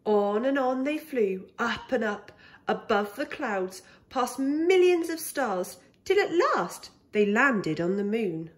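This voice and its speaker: A woman reads a children's picture book aloud for little ones. Her voice sits fairly high and swoops around with animated, expressive storytelling. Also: slow. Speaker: pre-school story reader.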